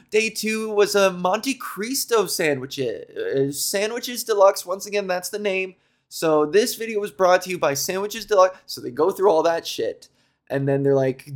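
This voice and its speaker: A man's voice: sits high, a bit bright. A man on a comic rant, exasperated and profane, often laughing. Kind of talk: comedic rant.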